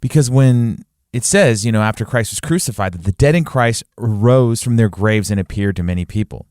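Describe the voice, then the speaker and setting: A man's voice: fairly low pitch, moderate pace, darkish tone, no echo, studio quality. A man co-hosting a podcast who asks questions in a casual, curious way. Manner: inquisitive, poses questions.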